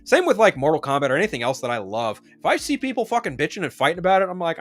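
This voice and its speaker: A man streamer rants about movies in a casual, heavily profane way. His voice swings widely in pitch, the delivery is emphatic, and faint music plays behind him. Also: very animated, rapid-fire, few pauses, fairly bright tone. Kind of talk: casual movie news rant.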